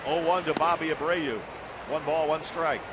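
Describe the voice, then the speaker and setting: A man's voice: on the high side, normal speed, noisy background. A man doing baseball play-by-play commentary, his voice lifting on big plays. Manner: excited rises on big plays. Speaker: play-by-play announcer.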